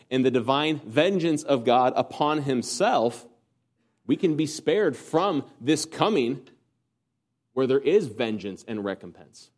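A man preaching a sermon, earnest, asking rhetorical questions and swinging from emphatic peaks to quiet low passages. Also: expressive, slow pace. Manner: asks the congregation rhetorical questions.

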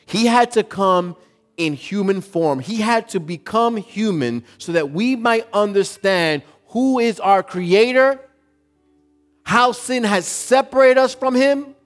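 High-voiced man preaching a story. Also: animated, slow pace, faint music behind. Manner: asks the congregation questions, builds to emphatic preaching. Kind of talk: storytelling sermon.

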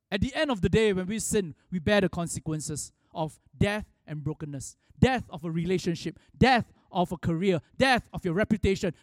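A man's voice: sits high, no echo, clean studio sound. A man preaching a sermon, telling a story with frequent restarts and rising for emphasis. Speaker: pastor.

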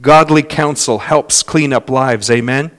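A man preaching a sermon as pastor, swinging between loud, fast passages and soft, slow ones, and telling stories in others' voices. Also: medium pitch. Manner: dynamic preaching with wide swings in loudness and pace; storytelling with imitated voices of others.

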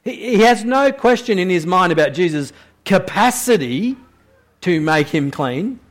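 A male preacher with a notably high-pitched voice delivers a sermon to his church. He shifts between hushed, slow reflection and rising, emphatic questions. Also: lively intonation. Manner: swings from quiet, low reflection to loud, high-pitched questioning.

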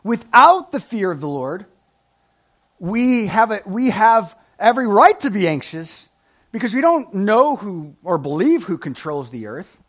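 High, animated man preaching. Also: a little slow. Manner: animated, swings between loud emphasis and quiet asides; laughs at his own jokes. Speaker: pastor. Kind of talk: sermon with scripture reading.

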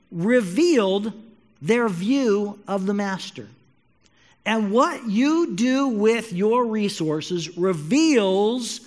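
High voiced pastor guy telling a story in his sermon, animated, big echoey church hall. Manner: animated storytelling, speaks to listeners as you.

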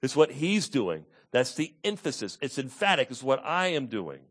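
A preacher with big dynamic swings. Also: male voice, very animated, moderate pace. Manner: swings from loud emphatic peaks to hushed low asides. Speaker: pastor. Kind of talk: expository sermon.

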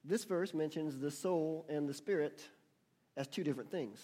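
A man delivers a church sermon in a husky, mellow voice. He reads scripture slowly and with weight, then checks in with his congregation through quick questions. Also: fairly high pitch. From United States. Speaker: pastor.

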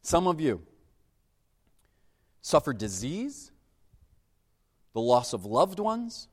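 A man preaching a sermon, emphatic and animated, dropping suddenly to a hush for weight. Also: on the high side, takes it slowly, big-room sound. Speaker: pastor.

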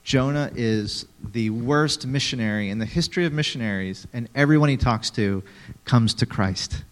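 Male preacher, mid-range voice, animated teaching style with dramatic read-alouds and asides to listeners. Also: medium pitch, moderate pace. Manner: animated, acts out quotes dramatically, talks to audience members. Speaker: pastor. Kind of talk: sermon.

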